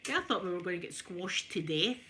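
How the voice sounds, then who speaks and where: Bright-voiced Glaswegian woman, ASMR chat. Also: on the low side, quick pace, a little hiss or hum. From Scotland. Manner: animated storyteller, broad Scots words, chatting with viewers. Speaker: ASMR creator. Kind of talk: soft-spoken ASMR chat while ironing.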